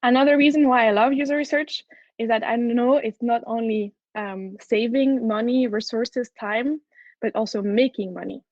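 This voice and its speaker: A woman's voice: on the high side, moderate pace, a little mellow, no room sound. A woman with a French accent giving an enthusiastic conference talk as a head of product, often restarting her sentences. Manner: enthusiastic, earnest, with frequent restarts. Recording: dull, dry lo-fi recording.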